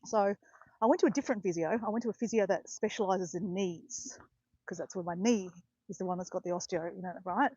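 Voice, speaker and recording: This is a casual walking vlog from a botanical garden, where a woman around fifty rambles and keeps correcting herself. She speaks a little fast in a mellow, mid-range voice, and the sound is dry and lo-fi.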